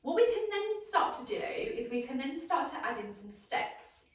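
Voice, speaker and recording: A woman dog trainer gives an upbeat instructional demonstration in a high, sing-song voice at normal speed, often checking in with "okay?". The recording is echoey, with the mic far off.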